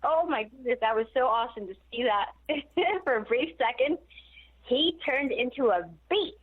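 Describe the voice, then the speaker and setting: A woman guest telling stories in a casual interview, animated and laughing often. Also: sits high, normal speed, slightly rough. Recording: tinny phone line.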